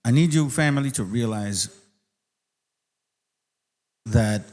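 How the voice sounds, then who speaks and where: A man's voice: mid-range voice, slow, darkish tone. A man hosting his own channel, giving a heated, profane rant of commentary straight to his viewers. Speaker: channel host. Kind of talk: ranting commentary on a clip.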